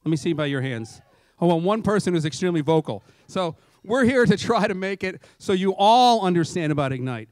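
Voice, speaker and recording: Man, emcee, casual, chatty, fairly high voice, dry sound. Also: expressive, brisk, darkish tone, dry recording. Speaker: chamber president and emcee. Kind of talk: event welcome remarks. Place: college event hall.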